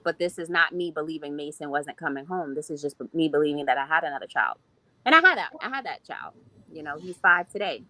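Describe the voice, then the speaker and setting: Podcast guest, woman in her thirties, bright lowish voice, heartfelt and reflective, dry close mic. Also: animated, a little fast, dry recording, poor audio. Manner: heartfelt, reflective, speaks in long flowing runs. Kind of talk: personal testimony in a podcast interview.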